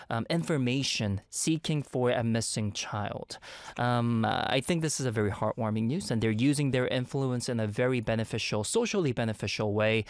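A man's voice: medium pitch, dry recording, studio quality. A man hosting a live radio show, chatting casually and reading out listener comments with lots of fillers. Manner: chatty, upbeat, many fillers.

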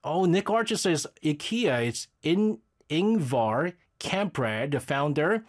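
A man's voice: fairly high pitch, sing-song, slow pace. A man hosting a radio show, chatting casually and rambling while reading listener messages, often laughing. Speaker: radio host.

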